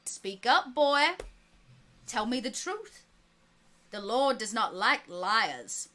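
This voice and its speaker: A woman doing a sinister Southern preacher man, with a rich, deep drawl. He coaxes a child with honeyed calm, then turns stern and threatening. It is a tabletop game voice, played over the narrator's own. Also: slow pace. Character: sinister smooth-talking adult male preacher.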